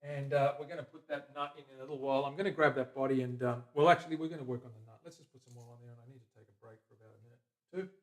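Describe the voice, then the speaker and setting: A man hosting a casual workshop stream, chatting to viewers and a helper as he works. His volume swings between loud, excited bursts and quiet mumbles to himself. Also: mid-range voice, rapid-fire. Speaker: guitar builder hosting a livestream. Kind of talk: casual workshop chat while working.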